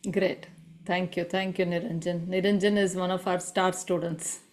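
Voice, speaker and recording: A woman hosts an online session over a video call. She prompts the speakers in a friendly, brisk way. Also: fairly low pitch, flat delivery, a little mellow. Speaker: session host.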